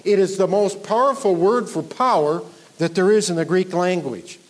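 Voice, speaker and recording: A man preaching a verse-by-verse sermon as pastor, building up with emphasis and then dropping low at the ends of lines. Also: normal speed. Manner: teaching verse by verse, emphatic rises, trailing off low at line ends. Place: church sanctuary.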